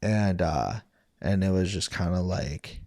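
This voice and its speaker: Low-voiced man telling raw stories. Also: unhurried, warm tone, no echo, studio quality. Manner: rambling, profane, acts out quoted voices. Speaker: podcast guest, former fighter. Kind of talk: candid storytelling interview.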